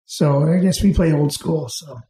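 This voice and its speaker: A middle-aged man, an interview guest, telling anecdotes in an unhurried way and chuckling as he goes. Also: on the high side, steady tone, warm tone, echoey room. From Canada. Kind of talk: casual storytelling.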